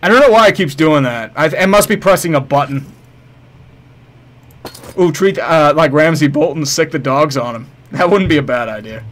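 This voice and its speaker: This man's voice sits a little high and sounds fairly bright, animated and moderately paced. Live-streaming a game, he curses, banters with viewers and hurls mock-heroic jabs at his foes, keeping the commentary casual.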